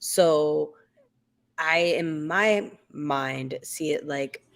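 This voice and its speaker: A woman's voice: low voice, very slow, creaky. A woman co-hosting a casual live after-show chat, talking loosely with lots of fillers and restarts. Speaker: co-host.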